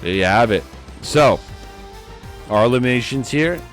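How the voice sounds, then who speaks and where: A man giving live commentary on a sim race, a bit tipsy, swinging from low mutters to loud excited calls. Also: normal speed, faint music behind.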